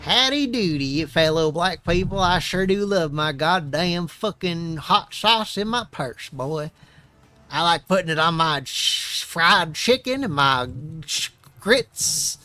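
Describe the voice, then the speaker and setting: A man's voice: fairly high pitch, animated, takes it slowly, pushed and bright, no room sound, full character voice. A man putting on an exaggerated, sneering parody voice of a woman politician with a fake drawl. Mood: mocking.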